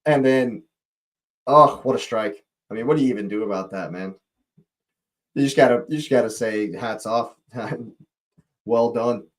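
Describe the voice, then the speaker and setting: The man hosting this live watch-along speaks at medium pitch and a moderate pace, with long pauses. Chatty with his viewers, he greets the chat while giving fan play-by-play commentary, his voice leaping up excitedly at near chances.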